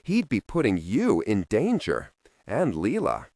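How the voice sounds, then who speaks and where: A man voicing a hot-tempered middle-aged mob boss who yells and threatens. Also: fairly low pitch, wildly swooping pitch, a little slow, no echo, clean studio sound, exaggerated voice. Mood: menacing. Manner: yelling, blustering, menacing.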